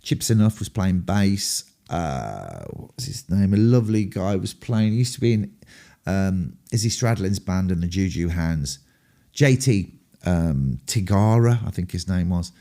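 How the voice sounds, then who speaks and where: Middle-aged male rocker, a touch low, casual rambling storyteller, lots of ums and curses. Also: animated, a little slow, mellow. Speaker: rock singer telling stories.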